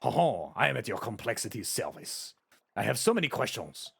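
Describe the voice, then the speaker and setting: A man voicing an excitable elderly chef, using a deliberately bad fake French accent. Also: mid-range voice, vocal fry, slightly rough, no echo, heavily acted. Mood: excited. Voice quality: hammy, over-the-top accent. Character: excitable elderly male undersea chef, babbling.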